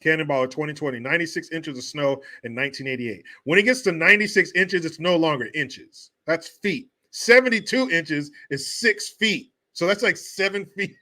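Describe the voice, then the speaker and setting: A man's voice: fairly high pitch, moderate pace, few pauses, pushed and bright. A man hosting a casual livestream, joking and swearing as he reads and answers viewer comments. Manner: profane, joking, reads chat aloud. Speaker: host.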